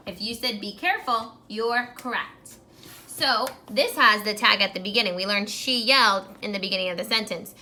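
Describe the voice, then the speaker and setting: A female teacher records a grammar lesson for young pupils, sounding clear and encouraging and slowing her delivery as she writes on a whiteboard. Her voice sits in the mid range with a sharp edge, and there's a faint hiss or hum in the background.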